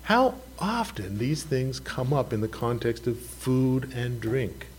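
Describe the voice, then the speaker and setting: A man's voice: mid-range voice, animated, slow pace, slight background noise. A man preaching a conversational sermon, asking his listeners questions and speaking frankly about his own faults. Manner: conversational, self-deprecating, asks the congregation questions. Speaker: pastor.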